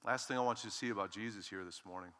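A man in his sixties preaching a sermon as pastor, dramatic, dropping to a hush and rising to a shout. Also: lowish voice, racing. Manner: dramatic, swinging from hushed to shouting. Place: church sanctuary. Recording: long reverb in a large hall.

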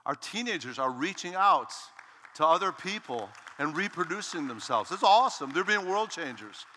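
A male pastor preaching a lively, emphatic sermon to his congregation and calling out "Amen?" as he goes. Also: a little high, moderate pace, long reverb tail, a little hiss or hum. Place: church sanctuary.

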